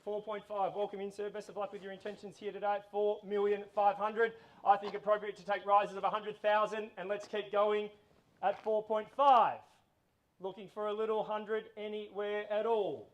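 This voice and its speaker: A man's voice: high-pitched, little pitch movement, brisk, hardly any pauses. A middle-aged Australian man calling a live house auction outdoors, mixing chatty stories with firm bid calls.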